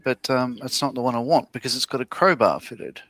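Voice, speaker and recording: A man's voice: medium pitch, brisk, a bit bright. A man with a mid-range voice, chatting casually about his models. He asks questions easily and goes into fussy technical detail. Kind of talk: casual chat while modelling.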